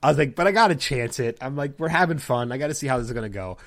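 A man's voice: mid-range voice, animated, racing, a bit bright. A man hosting a podcast, casually telling a long anecdote and acting out other people's lines. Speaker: podcast host. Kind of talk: casual storytelling chat.

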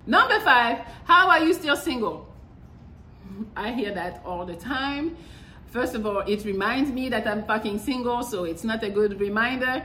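Young woman host, higher voice, blunt and swearing, echoey room with faint background hum. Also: normal speed, bright, forceful tone. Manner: blunt, profane, exasperated. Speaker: podcast host. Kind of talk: casual monologue.

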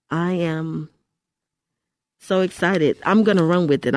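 A woman's voice: low-pitched, darkish tone, no echo. Emphatic older woman radio preacher. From Houston, Texas. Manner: emphatic, exhorting, repeats phrases. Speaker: Christian radio host. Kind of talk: radio ministry talk. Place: radio studio.

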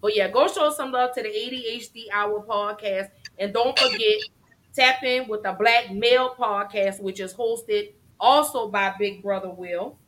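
A woman hosting a casual live-streamed mental health talk show, chatty and effusive, shouting out viewers. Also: medium pitch, measured pace, rough recording.

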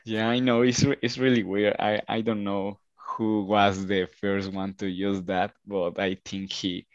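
Slow, low-voiced man, dull dry sound. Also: level tone, no echo. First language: Spanish. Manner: hesitant, many fillers. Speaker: guest. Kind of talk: casual chat.

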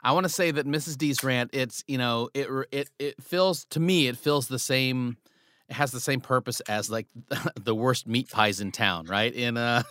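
Bright-voiced male host in a dry room. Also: mid-range voice, no echo. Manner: upbeat, halting, laughs along. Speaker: radio show host. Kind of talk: casual interview chat.

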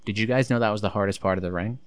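Blunt, sarcastic man with a low voice. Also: very fast. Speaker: host recapping a wrestling show. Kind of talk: casual recap commentary.

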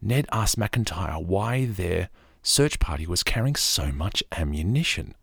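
Deep husky Australian man, soft-spoken. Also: lively intonation, measured pace, no echo, clean studio sound. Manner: soft-spoken, rambling asides. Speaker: podcast narrator. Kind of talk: calm bedtime story narration.

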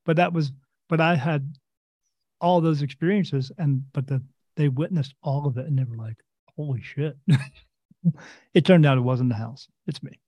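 Male host, a medium: loose, rambling anecdote with acted-out quotes, slightly high voice, dull dry recording. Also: normal speed, long pauses, no room sound. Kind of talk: casual storytelling.

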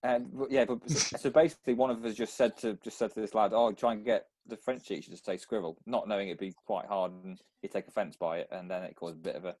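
A young man co-hosting a relaxed podcast chat, talking quickly in a lowish voice. He rambles and restarts as he tells stories, and the sound is dry and close. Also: no room sound. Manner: rambling storyteller, many restarts. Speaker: podcast co-host.

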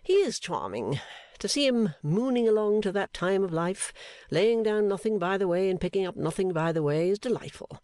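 A man voicing an airy, cynical gentleman painter who talks with breezy enthusiasm. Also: high voice, big pitch swings, normal speed, dry recording, clean studio sound, voice pushed up. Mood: airy, mocking.

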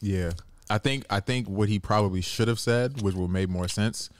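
Man, podcast co-host, casual chat, laid-back and teasing, lowish voice, dry close mic. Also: moderate pace, no room sound. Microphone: studio mic.

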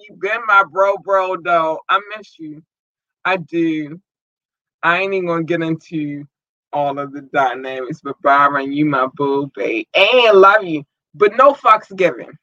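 A woman's voice: deep voice, measured pace, pushed and bright, dry recording. A woman hosting a livestream, ranting in a heated, emphatic and profane way. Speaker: livestream host. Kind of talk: casual livestream rant. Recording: dull lo-fi stream audio.

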